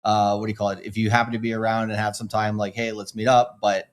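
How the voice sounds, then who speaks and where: A fast-talking man hosts a relaxed podcast chat. He rambles in a loose, chatty way and fills gaps with lots of filler words. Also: on the low side, clear, resonant tone. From Upper Midwest US. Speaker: host. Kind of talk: casual podcast conversation.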